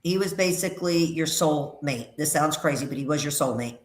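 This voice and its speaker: A woman's voice: sits low, a little fast, echoey room. A middle-aged woman working as a psychic medium on a call-in radio show, talking in a chatty, emphatic way and repeating her phrases. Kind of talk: casual radio call-in readings.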